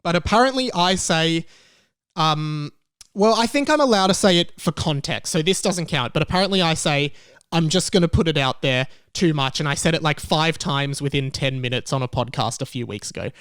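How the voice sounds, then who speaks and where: An Australian man talks through a casual solo podcast from his bedroom, rambling in a chatty, self-deprecating way. His voice sits a touch high and sounds smooth and clear. The sound is dry and close, with no room echo. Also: moderate pace, a bit bright. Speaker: podcast host. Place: bedroom in a share house.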